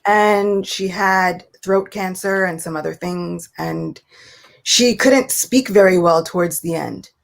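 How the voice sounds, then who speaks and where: Animated woman telling a personal story. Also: lowish voice, slow pace, creaky. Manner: animated storyteller, acts out quoted voices. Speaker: guest speaker. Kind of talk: casual spiritual talk, storytelling.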